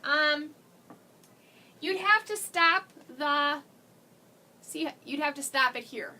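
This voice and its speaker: A woman's voice: high-pitched, sharp tone, far from the mic, a little hiss or hum. A woman hosting a casual live craft demo, chatty and gushing, laughing often as she talks to viewers. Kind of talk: casual live-stream chat.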